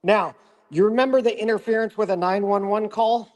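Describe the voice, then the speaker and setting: A man's voice: high voice, steady tone, fairly quick, in a large hall, rough recording. A man on a livestream steadily retelling a police report to the host. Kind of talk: recounting a document on a livestream.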